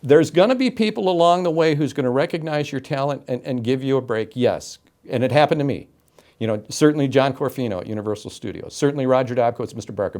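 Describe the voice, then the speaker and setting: A middle-aged man from Florida, an interview guest telling his story with animated, emphatic delivery and acted-out quotes. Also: a little high. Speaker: interview guest, game show announcer.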